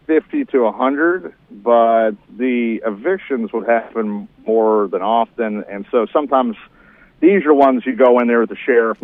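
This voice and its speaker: A man calling in to a radio show to tell about his job as a property manager, halting with fillers. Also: mid-range voice, dry recording. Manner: halting, plain storytelling. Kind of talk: phoned-in radio interview. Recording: tinny dry phone line.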